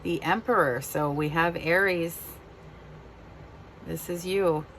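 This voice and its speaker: A woman in a casual tarot reading, speaking in a somewhat low voice and growing openly emotional. Her delivery is heartfelt, with a faint hiss of noise behind her. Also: slow pace, a bit bright. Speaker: tarot reader.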